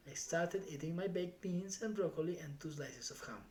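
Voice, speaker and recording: A streamer reading a novel aloud live in steady first-person storytelling. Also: mid-range voice, normal speed, a little hiss or hum.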